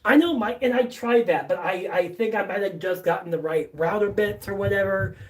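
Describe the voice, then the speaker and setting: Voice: medium pitch, a little fast, far from the mic. A live-stream host chatting casually from a basement workshop, rambling with lots of fillers and restarts and swearing offhandedly. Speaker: livestream host.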